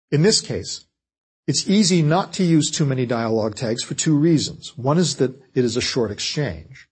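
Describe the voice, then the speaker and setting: Husky-voiced man giving a writing lecture. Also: medium pitch, animated, darkish tone. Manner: measured, explanatory delivery. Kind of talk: scripted lecture.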